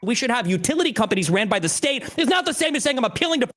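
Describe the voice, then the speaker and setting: A man with a very high voice argues at a quick clip in a heated debate, pressing his point and pushing back against interruptions. His delivery is insistent and firm. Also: sing-song, fairly bright tone.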